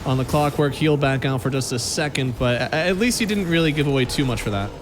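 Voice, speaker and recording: A man giving quick, excitable live play-by-play commentary on an esports match, calmer when he analyses between fights. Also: mid-range voice, background noise. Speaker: esports caster.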